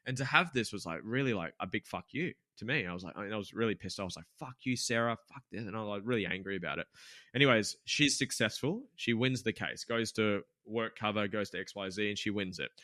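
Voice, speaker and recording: Candid young man telling a story, bright voice. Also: on the low side, fast, no echo, clean studio sound. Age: 20s. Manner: candid, swears freely, many fillers and restarts. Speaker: podcast guest, gym business owner. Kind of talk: casual storytelling interview.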